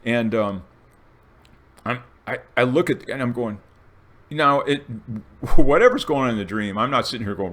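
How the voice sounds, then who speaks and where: An older man in a casual, rambling monologue, telling a dream story with restarts and animated bursts. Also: mid-range voice, normal speed, long pauses. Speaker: video essayist.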